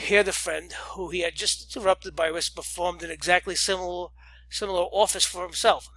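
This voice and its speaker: A man's voice: high voice, steady tone, a little fast, fairly bright tone, no room sound, rough recording. A man reading a classic story aloud with theatrical delivery and occasional stumbles. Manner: theatrical, occasional slips and restarts. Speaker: audiobook reader.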